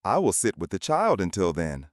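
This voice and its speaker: A man's voice: low voice, wildly swooping pitch, normal speed, dry recording, studio quality, heavily acted. A man voicing a kind, worried grandmother over 60 in a spoken story. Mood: soothing.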